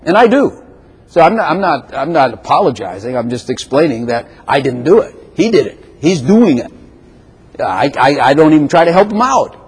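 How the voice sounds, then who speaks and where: A husky older man delivers an animated sermon, his pitch leaping high and dropping low as he quotes scripture. His slightly raised voice rings out into a long hall reverb. He sounds like a pastor preaching from the pulpit. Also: moderate pace. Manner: animated preaching, quoting scripture with sudden swings in pitch and volume.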